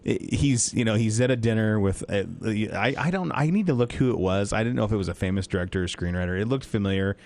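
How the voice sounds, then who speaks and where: A man co-hosting a radio movie show in casual chat, animated and fond of acting out lines from films. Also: lowish voice, fast talker, few pauses, no echo. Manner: animated, acts out movie lines in bursts of raised voice.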